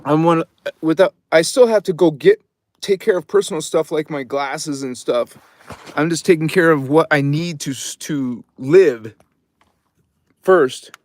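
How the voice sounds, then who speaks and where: A middle-aged man, hosting a spiritual livestream from his phone. He swings between mumbled casual chatter and fervent shouted invocations. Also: on the high side, unhurried. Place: by his truck in a cold underground space at night.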